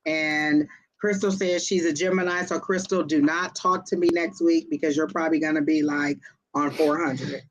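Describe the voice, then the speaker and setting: A woman reading tarot live for viewers, talking quickly and directly to her audience in a lively, chatty way. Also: deep voice, slight background noise, poor audio. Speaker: tarot and psychic reader.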